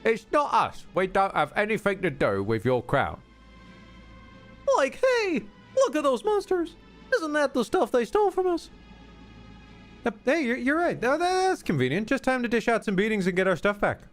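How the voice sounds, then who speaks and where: A man voicing a cocky young male hero from a game in a quick, perky reading. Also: very high-pitched, huge pitch swings, a bit bright, faint music behind, voice pushed up, exaggerated voice.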